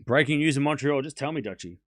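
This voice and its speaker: A man with a sore throat, a tennis watchalong streamer, chats casually with his live-stream audience while they wait out a rain delay. He talks fast at medium pitch, addresses the chat and laughs often, and the studio sound is clean with no echo.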